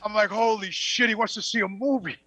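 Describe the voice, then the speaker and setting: A man telling a profane, animated story on a podcast and acting out the dialogue. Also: high-pitched, a little fast, background noise. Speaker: podcast guest. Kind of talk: casual storytelling.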